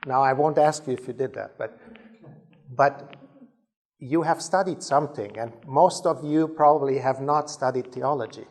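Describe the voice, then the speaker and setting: A man's voice: mid-range voice, moderate pace. German man giving a leadership talk. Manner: storytelling with frequent restarts. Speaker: speaker at a leadership training. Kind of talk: conference talk to ministry leaders.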